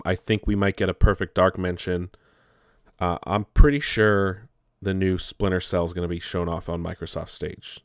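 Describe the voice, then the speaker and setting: Guy with a really low voice rambling on, lots of restarts and cussing, dry close sound. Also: dry recording. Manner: rambling, frequent restarts, swears casually. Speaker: gaming commentator. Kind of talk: casual solo commentary.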